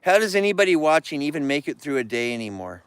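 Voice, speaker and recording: A man's voice: fairly high pitch, very animated, fast, smooth, no room sound. Ranting man live-streaming among bears. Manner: ranting, scolds viewers and bears. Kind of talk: rambling live-stream chat. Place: outdoors near bears.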